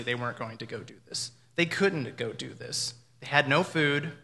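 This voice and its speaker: Speaking on the high side with a sharp tone, a pastor preaches in a reverberant hall. He reflects conversationally and regularly slips into imagined dialogue, acting out what people might have said.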